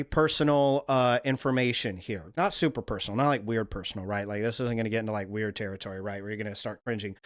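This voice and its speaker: A man hosting a livestream, talking in a loose, rambling, profane monologue. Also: medium pitch. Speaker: livestream host.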